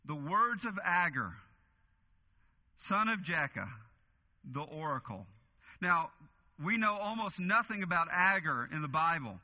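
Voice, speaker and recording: Male pastor, high bright tone, earnest sermon delivery, dull lo-fi recording. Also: very animated. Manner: earnest, slows and stresses key phrases. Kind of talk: expository sermon.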